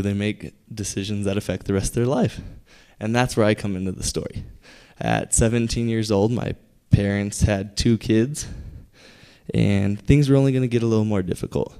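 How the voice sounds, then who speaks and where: Mellow-voiced young man telling a story. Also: lowish voice, fairly even intonation, clean tone. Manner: conversational, building to punchlines with pauses. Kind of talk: live personal storytelling. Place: theater stage.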